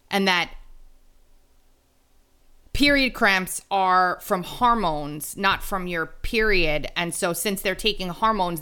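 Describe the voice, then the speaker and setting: A woman hosting a solo podcast, talking in a chatty, blunt way with quick asides. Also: fairly low pitch, sharp tone, clear, resonant tone. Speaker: podcast host. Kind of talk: casual solo podcast commentary.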